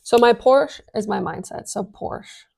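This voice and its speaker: A woman talking casually as a business coach, energetic and full of fillers, swearing now and then. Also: a little high, measured pace, creaky, breathy edge. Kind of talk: casual explainer vlog.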